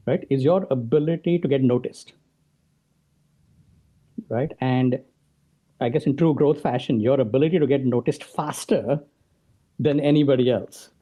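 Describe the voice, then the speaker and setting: Dark, husky man explaining. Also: medium pitch, normal speed, long pauses. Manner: explanatory, tags points with "right?". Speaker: podcast guest. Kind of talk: conversational interview answers.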